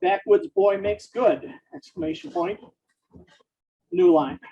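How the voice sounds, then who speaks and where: An author dictates his novel aloud slowly and deliberately, speaking punctuation marks as he goes. His voice is high and lively with some vocal fry, and the recording is muffled and lo-fi.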